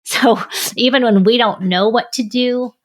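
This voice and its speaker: A woman's voice: on the high side, a little slow. A middle-aged woman sharing her faith story in an earnest, reflective way, an author and speaker. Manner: earnest, reflective, with soft laughs. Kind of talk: personal faith testimony.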